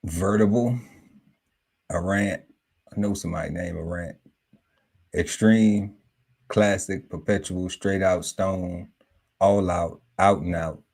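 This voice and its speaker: Slow, deep-voiced man reading word lists. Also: fairly even intonation, vocal fry, darkish tone. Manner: slow, musing list-reading broken by laughter and asides. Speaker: podcast panel host. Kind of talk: casual podcast chat, reading word lists aloud.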